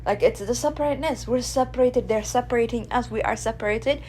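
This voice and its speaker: A woman's voice: fairly high pitch, fairly quick, slight background noise. Blunt woman. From Ethiopia. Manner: blunt, animated, swears freely, keeps asking "right?". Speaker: radio show host. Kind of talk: casual opinion monologue.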